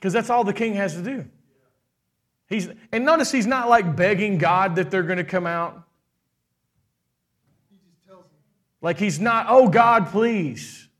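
A middle-aged man preaching a sermon with animated delivery, putting on quoted voices and asking the congregation questions. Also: high voice, measured pace, long pauses. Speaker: pastor.

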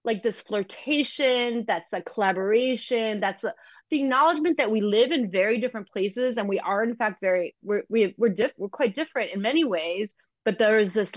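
A woman's voice: a little high, moderate pace, no room sound. Female guest author, reflective, restarts a lot; muffled dry audio. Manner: thoughtful, searching, frequent restarts. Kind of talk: reflective conversation. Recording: slightly muffled dry recording.

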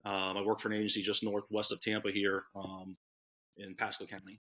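A man's voice: fairly low pitch, monotone, fairly quick, fairly bright tone. A man in his thirties with a New York accent, a police dog handler telling stories in a rambling, casual way full of fillers. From Orlando, Florida. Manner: rambling, many fillers and restarts. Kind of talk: casual storytelling interview.

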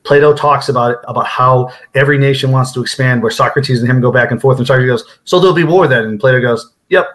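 A man's voice: medium pitch, little pitch movement, fast talker, few pauses, fairly bright tone. A man being interviewed as an author guest, explaining his ideas confidently in casual conversation.

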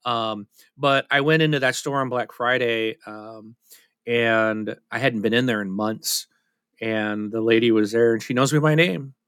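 A podcast co-host talks casually and candidly, slightly self-deprecating, often looping back to start over. His mid-range voice is bright, forceful and clean, with fairly even intonation and an unhurried pace, recorded dry without room sound.

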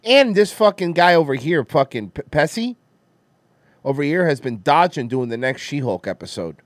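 A man's voice: on the high side, big pitch swings, normal speed, no room sound. A man co-hosting a podcast in casual chat, rambling, swearing freely and laughing often. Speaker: podcast co-host.

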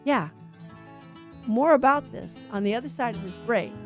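A woman co-hosting a Bible radio show, teaching in an earnest manner and listing virtues and sins in a steady, measured cadence. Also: on the high side, soft background music.

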